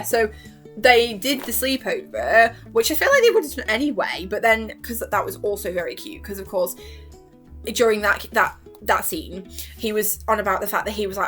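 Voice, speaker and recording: Bright-voiced giggly young woman. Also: fairly high pitch, moderate pace, faint music behind. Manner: giggly, gushing, acts out scenes in quoted voices. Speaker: YouTuber reviewing a TV series. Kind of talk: excited casual chat.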